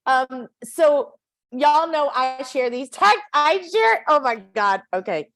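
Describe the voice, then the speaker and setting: Raspy high-voiced woman, candid podcast chat. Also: animated, slow, a bit bright. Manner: candid, laughing at herself, chatty asides to listeners.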